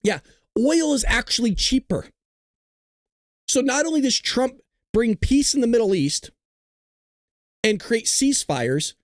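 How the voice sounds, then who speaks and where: A man's voice: very high-pitched, very animated, a little slow, long pauses, no room sound, clean studio sound. A man hosting a live political talk show, reading news items aloud and commenting on them with sarcasm.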